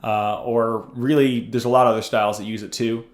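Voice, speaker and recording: Relaxed man teaching in a roomy space. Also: medium pitch, fairly quick. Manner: relaxed, loose, with frequent ums and uhs. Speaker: bass teacher. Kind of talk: casual instructional talk. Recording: roomy echo with faint music.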